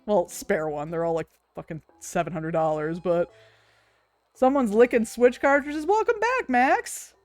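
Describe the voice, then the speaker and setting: A woman's voice: medium pitch, a little slow, darkish tone, no echo. A woman, chatting casually with her stream viewers, laughing often, swearing freely and cooing over cute things.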